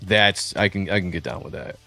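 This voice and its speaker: Connected by remote call from a streaming studio, a man in his forties hosts a livestream, chatting casually and rambling with frequent fillers and restarts. His voice sits low, with vocal fry and a pushed, bright quality, and he talks fairly quickly over faint background music.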